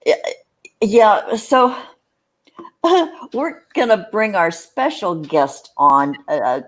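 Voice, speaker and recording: A woman's voice: medium pitch, lively intonation, drawn-out words. A woman co-hosting a live stream, rambling chattily and greeting viewers by name. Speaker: co-host.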